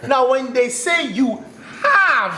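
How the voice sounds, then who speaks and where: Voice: sits high, big pitch swings, slow pace, bright, forceful tone. A talk show host from Nigeria, joking with his guest in a casual interview, laughing and finishing the guest's sentences.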